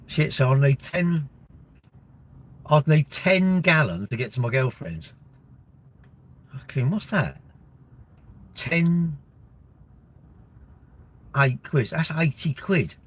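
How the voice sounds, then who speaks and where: A man's voice: a little high, big pitch swings, slow, long pauses. A man hosting a livestream, chatting casually and joking in a rambling way while reading out viewer messages. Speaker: livestream host reading chat. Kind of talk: casual chat.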